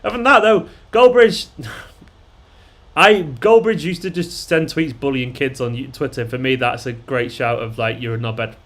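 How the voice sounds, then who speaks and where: A man's voice: mid-range voice, moderate pace, fairly bright tone. A man hosting a fan live stream, chatting casually and bluntly, swearing and rambling with lots of fillers. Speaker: fan channel host.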